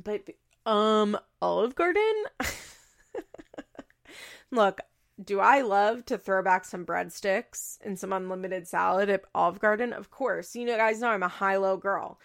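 A woman's voice: medium pitch, fairly even intonation, moderate pace, creaky, fairly bright tone. A woman hosting a podcast, chatting casually and laughing often as she recaps. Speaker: podcast host.

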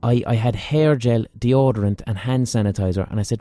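A man's voice: mid-range voice, fairly quick, warm tone, soft background music. An Irish man hosting a podcast, telling a rambling, profane, self-mocking story in a casual monologue. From Ireland. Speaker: podcast host.

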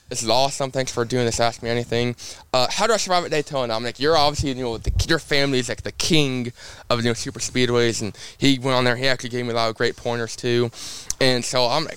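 A young race car driver from Indiana tells stories in a casual podcast interview, lively and acting out the quotes. His medium-pitched voice is smooth and fast.

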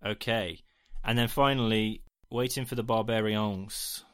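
A man's voice: on the low side, steady tone, unhurried, a bit bright, clear, resonant tone, no echo, studio quality. A man in his twenties from the UK, co-hosting a casual film podcast, joking and self-mocking. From United Kingdom. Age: 20s. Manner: jokey, self-mocking, laughs often. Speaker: podcast co-host. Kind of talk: casual chat, film ranking.

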